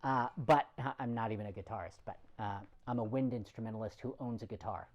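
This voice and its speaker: A man preaching a conversational sermon in a relaxed, plain-spoken way, with some self-deprecating humor. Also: on the low side, quick pace, dull audio.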